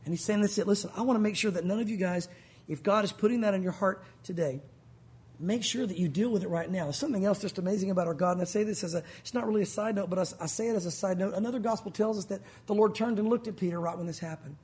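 A man from Tennessee with a light Southern accent, preaching a sermon as pastor, talking fast and acting out little scenes as he tells stories. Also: high voice, breathy edge. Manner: fast-talking, animated storytelling with acted asides.

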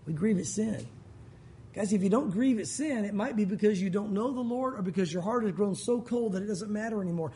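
High, husky-voiced preacher. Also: male voice, a little fast, warm tone. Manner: conversational, joking asides. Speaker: pastor. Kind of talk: sermon.

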